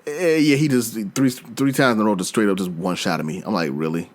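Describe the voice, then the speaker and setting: A man's voice: on the low side, a little fast. A man hosting a podcast, chatting casually and acting out his own reactions as he tells gaming stories. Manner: animated storyteller, acts out his own reactions. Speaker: podcast host.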